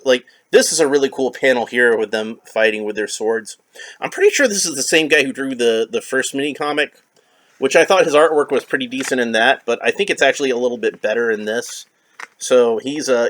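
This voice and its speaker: A man's voice: medium pitch, fairly quick, a bit bright. A man toy collector giving casual, rambling unboxing commentary with a wry touch and many fillers.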